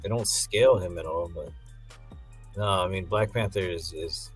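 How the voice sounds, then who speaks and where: A man's voice: low-pitched, normal speed, faint music behind. A man co-hosting a casual movie review chat, breaking down the film and cracking jokes, with some word repetition. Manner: joking, analytical, repeats words. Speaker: podcast co-host.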